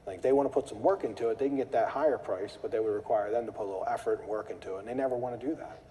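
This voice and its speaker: A man hosting a live meetup and talking casually to the group, who tells animated stories and acts out angry callers. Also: fairly low pitch, rapid-fire, a little hiss or hum. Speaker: meetup host. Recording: long hall reverb.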